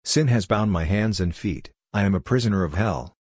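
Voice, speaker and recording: A despairing middle-aged queen cries out for deliverance, as a man reads her part. The voice is very deep and husky, with a dry, close sound. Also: moderate pace, darkish tone, no room sound. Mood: pleading. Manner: pleading, anguished reading. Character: distraught middle-aged woman, a chief's wife begging for deliverance.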